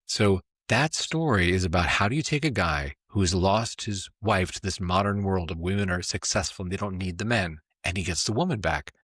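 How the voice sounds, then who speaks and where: A man's voice: deep voice, fairly bright tone, husky, no echo, studio quality. A middle-aged man, a former film executive, telling stories as a podcast guest with enthusiasm, acting out quotes and often asking "right?". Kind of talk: animated storytelling conversation.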